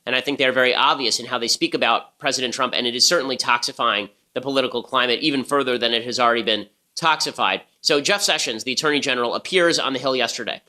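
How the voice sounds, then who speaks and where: A man's voice: mid-range voice, bright, forceful tone. A man hosting a political podcast, delivering commentary in a punchy, sarcastic way. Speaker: podcast host.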